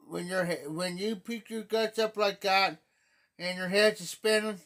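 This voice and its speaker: Slow-talking high-voiced man with an Ohio accent. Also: fairly even intonation, a bit bright. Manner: rambling, repeats himself, clears throat often. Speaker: livestream host. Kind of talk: casual storytelling chat. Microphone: phone or webcam on a live stream.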